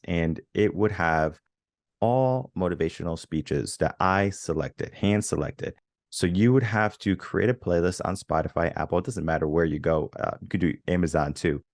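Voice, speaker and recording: A man's voice: sits low, a little mellow, no room sound, studio quality. A man speaking as a guest coach on a podcast, earnest and motivational in tone. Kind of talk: podcast conversation.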